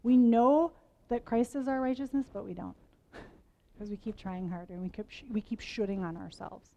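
A woman's voice: mid-range voice, fairly even intonation, normal speed, gravelly, muffled recording. Candid self-mocking woman giving a sermon. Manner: candid, self-mocking, laughs between lines. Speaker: women's event speaker. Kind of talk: conversational sermon talk.

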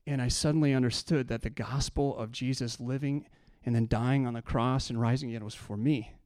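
A pastor preaching a sermon, telling a personal story and building to impassioned preaching. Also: male voice, mid-range voice, steady tone, fairly quick, a little mellow, no room sound, clean studio sound.

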